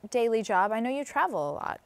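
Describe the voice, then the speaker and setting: A woman's voice: fairly high pitch, big pitch swings, fast talker, clear, resonant tone, no echo. A middle-aged woman hosting an interview, asking a guest curious questions. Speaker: host.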